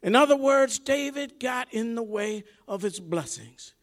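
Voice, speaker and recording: A man preaching a sermon in a conversational way, dropping to quiet asides and rising to shouted peaks, often repeating words as he restarts. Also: very high-pitched, lively intonation, measured pace. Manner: preaching with sharp swings between soft asides and shouted climaxes.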